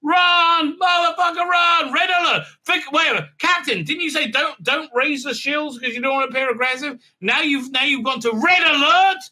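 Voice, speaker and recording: A man putting on a panicking, shrill male starship crewman, yelling frantically in a mocking parody. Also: moderate pace, few pauses, exaggerated voice. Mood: panicked.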